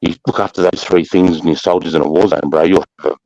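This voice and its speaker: A middle-aged Australian man with a deep, low voice tells stories from his time as a soldier in loose, casual talk. He swears freely and drifts into fillers as he hunts for words. The sound is dry and close, with no room echo. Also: steady tone, fast, dark tone, highs cut off. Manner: rough-spoken, swears freely, trails off with fillers. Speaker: army veteran guest. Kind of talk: casual war storytelling on a live chat.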